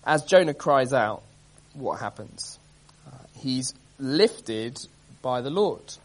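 A man preaching an expository sermon, earnest and emphatic, reading scripture aloud with dramatic stress and often pausing with um and uh. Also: mid-range voice, animated. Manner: earnest, emphatic, many ums and uhs.

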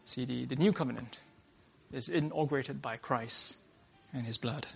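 A man's voice: medium pitch, moderate pace, gravelly, fairly bright tone, husky, faint music behind. A man preaching a sermon to a workplace gathering, earnest, often starting lines with "uh" and restating his points.

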